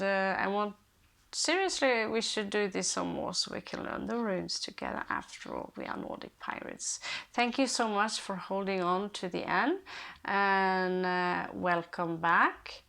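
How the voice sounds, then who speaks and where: A woman's voice: on the high side, vocal fry, fairly bright tone. A woman hosting a casual rune reading, thinking aloud with many hesitations. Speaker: rune reader and channel host.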